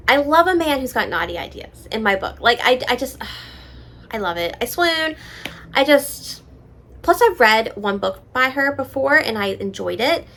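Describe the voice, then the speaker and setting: A woman casually chatting on her vlog about books she plans to read, full of "like" and "you know", dropping into soft, quiet asides. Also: a little high, animated, measured pace, slight background noise. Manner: chatty, filler-heavy, drops into soft asides. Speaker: book vlogger. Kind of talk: casual book chat.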